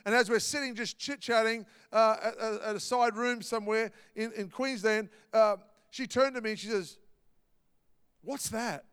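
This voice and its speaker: High-voiced preacher, animated. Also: male voice, moderate pace, hardly any pauses, clear, resonant tone, dry recording, clean studio sound, in a large hall. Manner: animated preaching, dramatic acted quotes. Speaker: pastor. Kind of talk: sermon.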